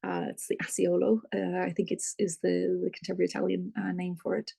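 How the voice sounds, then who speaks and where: An author talking thoughtfully about their novel in an interview, often pausing to search for words. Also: mid-range voice, monotone, creaky, mellow, slightly rough. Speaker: author, guest. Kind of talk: reflective interview talk.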